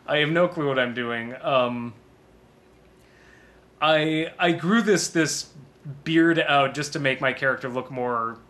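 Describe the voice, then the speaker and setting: A man's voice: medium pitch, bright, forceful tone. A man giving a casual DVD commentary on his own film, rambling and self-deprecating and laughing often.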